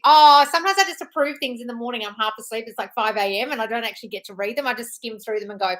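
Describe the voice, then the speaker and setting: A woman's voice: high-pitched, lively intonation, brisk, pushed and bright. A British woman in her thirties hosting a live stream, reading out chat messages and answering them in an affectionate, earnest way. She keeps calling her listeners darling.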